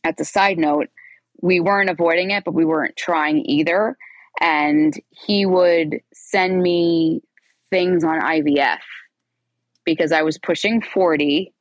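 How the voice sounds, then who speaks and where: A woman in her forties tells her own story as a podcast guest, speaking in a lowish register. She is animated and acts out the lines she quotes. The sound is dry, with no room echo. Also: a little slow. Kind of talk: candid personal storytelling.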